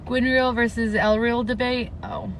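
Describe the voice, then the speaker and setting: A woman's voice: on the high side, little pitch movement, unhurried, slight background noise. A woman streaming live as she reads a novel aloud, breaking off to rant and swear about the story with emphatic repetition. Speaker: livestreamer reading a novel aloud. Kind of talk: live read-aloud with reactions.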